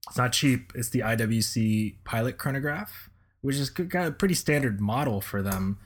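A man's voice: medium pitch, normal speed. A man co-hosting a casual podcast chat as a watch reviewer, speaking hesitantly with many restarts.

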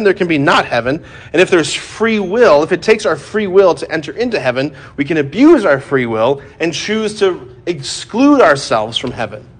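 A man preaches a sermon conversationally, frequently saying "like" and "right?" and shifting from joking asides to hushed, grave emphasis. His voice is on the high side.

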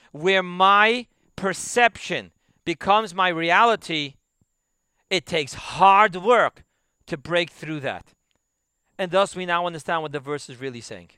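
A man teaching a Torah class, emphatic and repetitive, dropping to quiet asides. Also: sits high, clean tone, no echo, studio quality. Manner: emphatic, repeats key phrases, drops to quiet asides.

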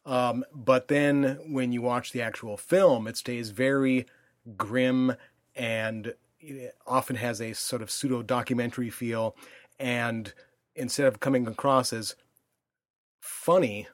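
Measured middle-aged man hosting a podcast. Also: medium pitch, steady tone, no echo, clean studio sound. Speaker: podcast host. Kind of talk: casual podcast chat. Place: home.

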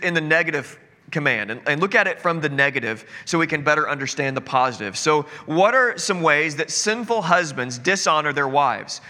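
A man's voice: a little high, bright, forceful tone. A man preaching a sermon as pastor in an earnest, conversational way with casual asides. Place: church sanctuary. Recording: long hall reverb.

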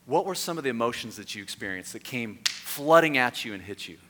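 Bright-voiced pastor in an echoey hall. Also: male voice, medium pitch, brisk. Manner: conversational storytelling, lively and self-mocking. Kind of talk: sermon.

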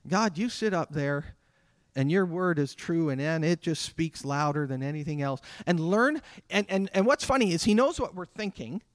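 A man delivering a sermon as a pastor, talking conversationally with dramatic pauses. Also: fairly high pitch, lively intonation, no echo. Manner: conversational preaching with dramatic pauses and acted quotes.

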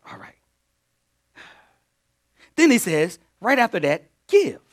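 Male pastor, sermon, high voice, very lively pitch, loud bursts and quiet asides. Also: slow. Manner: call-and-response preaching, swings between loud bursts and low asides.

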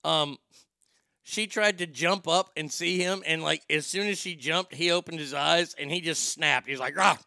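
Bright, joking man streaming live. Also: on the high side, moderate pace, vocal fry, no room sound, clean studio sound. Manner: joking, profane, rambling. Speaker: livestream host. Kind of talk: casual livestream chat. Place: home studio.

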